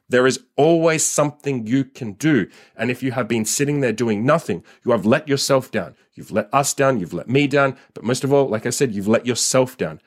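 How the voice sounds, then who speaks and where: A man hosting a podcast as a dating coach. He delivers a blunt, profane, fired-up motivational rant that scolds his listeners. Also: mid-range voice. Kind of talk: ranting motivational podcast monologue.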